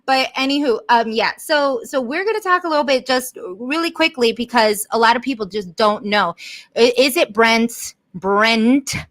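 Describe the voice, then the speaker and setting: A woman co-hosting a podcast in casual chat, chatty and quick to laugh. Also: on the high side, a bit bright. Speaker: podcast co-host.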